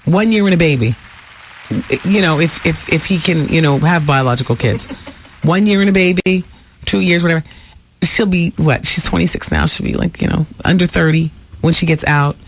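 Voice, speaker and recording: A woman's voice: deep voice, normal speed, a little hiss or hum. Chatty gossiping woman radio host. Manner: chatty, gossipy, animated asides to listeners. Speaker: radio talk show host. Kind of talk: celebrity gossip talk radio. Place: radio studio.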